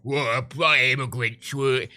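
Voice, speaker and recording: A man putting on a low sarcastic British bigot. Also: steady tone, bright, forceful tone. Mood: sneering. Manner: sarcastic, drawn-out grumbling. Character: mock bigoted blustering British bloke.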